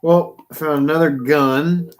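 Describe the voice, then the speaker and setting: Chatty animated man on a livestream. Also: fairly high pitch, a little slow, a little hiss or hum. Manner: chatty, animated, bursts into playful shouting impressions. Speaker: livestream host. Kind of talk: casual livestream chat.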